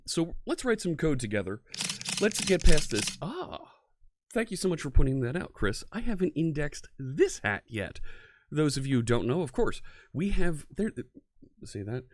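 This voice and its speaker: A man's voice: mid-range voice, darkish tone, dry recording, clean studio sound. A man from near Philadelphia with an American accent, hosting a casual live-coding stream and chatting with viewers. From United States, near Philadelphia. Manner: chatty, greets viewers, laughs easily. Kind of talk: casual livestream chat.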